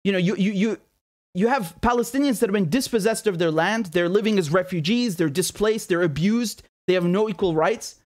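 Man, high voice, angry political monologue, indignant, rhetorical questions, swears when worked up. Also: brisk. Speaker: political commentator.

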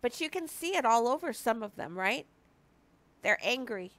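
A marriage ministry speaker in her early fifties talks at normal speed in a slightly high, expressive, fairly bright voice on a dry recording. Teary and close to crying, she gives an earnest, confessional devotional talk to her viewers, frequently restarting sentences.

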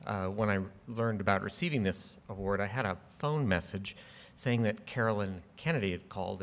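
A middle-aged man giving a formal acceptance speech at a podium, measured and earnest, with frequent ums and dry humor. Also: fairly low pitch. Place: large ceremony hall. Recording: long hall reverb.

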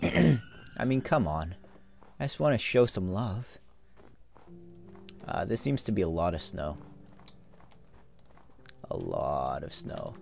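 Low-voiced man rambling over gameplay. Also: vocal fry, a little mellow. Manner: rambling, easygoing, many fillers. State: yawning. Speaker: let's play host. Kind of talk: casual gameplay commentary.

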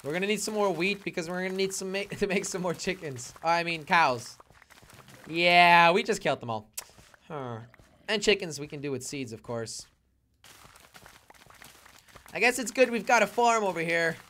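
Animated, bright-voiced young gaming streamer. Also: male voice, high voice, normal speed, long pauses. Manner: excitable, exclaiming and fretting aloud; reads and answers chat. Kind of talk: live gameplay commentary.

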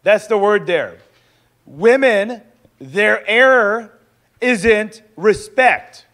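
A young adult man teaching in a sermon style, lively and acting out little dialogues as he goes. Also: sits high, very slow. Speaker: pastor teaching a discipleship school.

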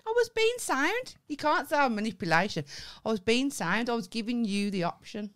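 A woman's voice: on the high side, big pitch swings, moderate pace. A woman co-hosting a comedy podcast, telling a story animatedly, acting out quoted lines and swearing freely. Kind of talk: casual storytelling chat.

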